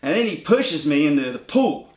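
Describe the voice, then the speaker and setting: A man plays a crippled former rocker, bitter and crude in his sardonic telling. His slightly high voice carries a roomy echo. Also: big pitch swings, normal speed, a little mellow. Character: bitter, crippled male ex-rock bandmate. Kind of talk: mockumentary interview.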